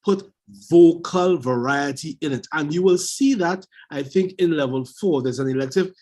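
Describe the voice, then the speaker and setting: A man's voice: fairly high pitch, normal speed, warm tone. A man evaluating a speech on a video call, emphatic and repeating his key advice.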